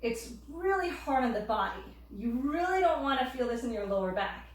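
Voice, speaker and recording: A woman instructor calmly cueing breaths and yoga poses while demonstrating, a little out of breath. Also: sits high, normal speed. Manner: calm cueing of breath and poses, occasional laughs. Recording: very echoey room, distant mic.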